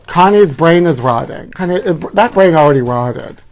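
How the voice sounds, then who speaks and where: A man's voice: a little high, expressive, moderate pace. Campy gossiping man who says honey. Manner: camp, gossipy, calls everyone honey, laughs at own jokes. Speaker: host. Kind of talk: campy celebrity gossip livestream.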